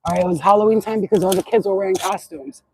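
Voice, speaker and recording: A woman's voice: medium pitch, rapid-fire, gravelly, mellow, a little hiss or hum, rough recording. A woman channeler chatting outdoors in a yard into a phone, rambling, blunt and swearing freely in a casual spiritual vlog.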